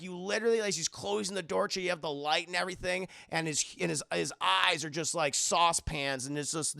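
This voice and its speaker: A man casually recapping a movie on a live stream, excitable and swearing as he talks to his chat. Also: fairly high pitch, gravelly.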